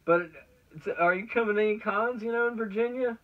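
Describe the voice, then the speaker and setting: A man's voice: high-pitched, a little fast. Eager Southern man on a muffled line. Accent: Southern American. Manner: eager, laughs often. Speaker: interviewer. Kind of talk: casual chat. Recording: distant muffled call audio.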